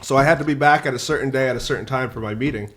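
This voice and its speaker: A man's voice: mid-range voice, racing, a bit bright, slight background noise. A man on a podcast telling a rambling, profane story in casual chat, often laughing. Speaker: podcast guest.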